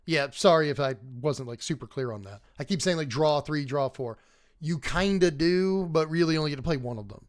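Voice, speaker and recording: A man's voice: a little high, a little fast. A man hosting a casual livestream card review, talking animatedly, chuckling often and chatting with his viewers. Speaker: host.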